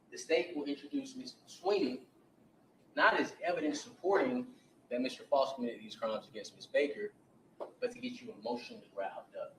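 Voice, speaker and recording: Man, defense attorney, opening statement, lively swinging pitch, roomy courtroom sound, faint background hiss. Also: brisk. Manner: animated retelling, repeats and restarts words. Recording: roomy courtroom audio from a distance.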